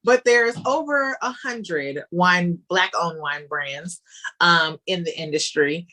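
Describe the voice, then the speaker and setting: Bright, animated woman in chatty interview. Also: fairly low pitch, slow. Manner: animated and chatty, with frequent fillers. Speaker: guest, wine business founder. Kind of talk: casual interview answers.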